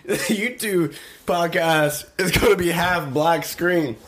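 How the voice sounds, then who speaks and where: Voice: mid-range voice, takes it slowly. A podcast co-host in casual chat, teasing and laughing often.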